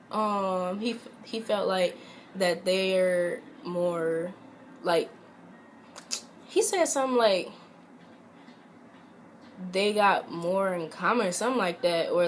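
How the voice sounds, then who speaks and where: A young woman telling a personal story in a casual vlog, chatty and animated, with lots of filler words. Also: mid-range voice, a little hiss or hum. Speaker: vlogger.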